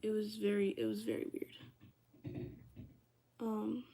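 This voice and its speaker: A woman's voice: medium pitch, very animated, slow, creaky, mellow, a little hiss or hum. A young woman on a livestream, casually telling a story to her viewers, chatty and full of "like". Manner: chatty, heavy use of "like", addresses viewers as "y'all".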